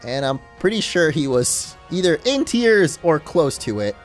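A man's voice: fairly high pitch, big pitch swings, measured pace, faint music behind. Chatty man commenting on gameplay. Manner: chatty, joking, self-deprecating. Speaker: let's play host.

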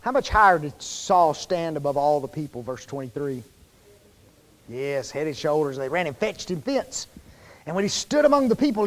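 A man preaching a sermon to his congregation in a folksy, conversational way, often pausing to quiz them with fill-in questions. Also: sits high. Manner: folksy, informal wording. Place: church sanctuary. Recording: long reverb of a church hall.

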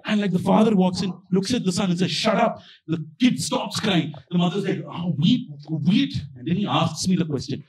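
A man's voice: sits high, fast talker, hardly any pauses, poor audio. A young man performing a stand-up set, telling a story and acting out the people in it. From India. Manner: animated storytelling, acting out quoted voices. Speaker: stand-up comedian. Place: small outdoor backyard venue with live audience.

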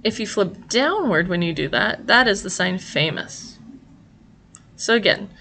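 A woman's voice: mid-range voice, lively intonation, unhurried, bright, forceful tone, a little hiss or hum. Patient woman teaching a lesson. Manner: clear, patient, step-by-step. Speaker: sign language teacher. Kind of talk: instructional explanation.

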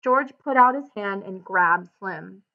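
A woman teacher reading a novel aloud and adding clear, explanatory asides for students. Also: mid-range voice, animated, takes it slowly, phone-quality sound. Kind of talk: read-aloud with guided annotations.

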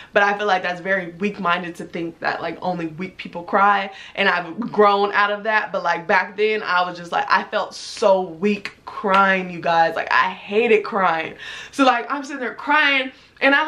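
A woman in her twenties telling a casual storytime to camera at home, animated and expressive, swearing freely. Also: mid-range voice. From United States. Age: 20s. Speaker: vlogger. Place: indoors at home, talking to a camera.

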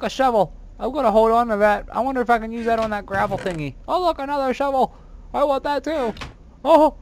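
A gamer giving let's play commentary, excitable and self-mocking, full of exclamations and whining at the game. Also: high-pitched, slight background noise.

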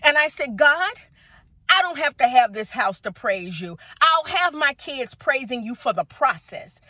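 A middle-aged woman, telling her faith testimony to viewers in an animated, preacher-like way and calling them y'all. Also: high-pitched, normal speed, no room sound. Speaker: vlogger sharing a faith testimony. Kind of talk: casual testimony talk to viewers. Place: outdoors at sunset.

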